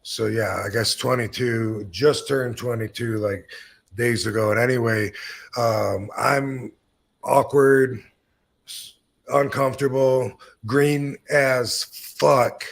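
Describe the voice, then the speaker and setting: A man in his fifties with a gravelly, rough-edged voice, spinning a loose, rambling story on his podcast. He swears freely and pokes fun at himself as he goes. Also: medium pitch, steady tone, slow pace. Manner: rambling, profane, self-deprecating storyteller. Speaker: podcast host. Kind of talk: casual storytelling.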